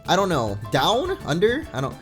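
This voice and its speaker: Playing through a video game, a young let's play gamer keeps up a chatty, meandering commentary and reads the on-screen text aloud. His voice is high, swooping wildly in pitch at a moderate pace, with faint game music in the background.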